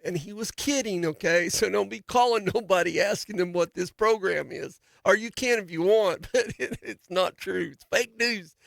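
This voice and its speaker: A man's voice: high voice, normal speed, vocal fry, fairly bright tone, no room sound. A man hosting a daily farm radio show, talking casually in a folksy, rambling way with many fillers and restarts. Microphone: studio microphone.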